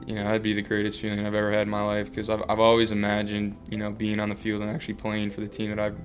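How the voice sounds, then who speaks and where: A man's voice: fairly low pitch, completely flat delivery, fast talker, soft background music. A young man in his twenties, talking earnestly in a casual interview as a baseball player, full of fillers and restarts.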